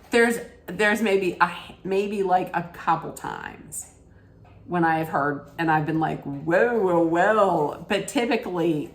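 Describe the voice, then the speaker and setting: A woman giving a chatty, opinionated, rambling rant-style recap of a reality TV episode. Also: lowish voice.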